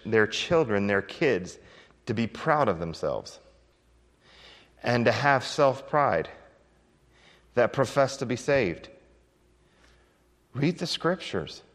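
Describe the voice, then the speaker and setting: A man preaching a sermon as a pastor, telling folksy stories with chuckles and emphatic swings in loudness. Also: on the low side, in a large hall.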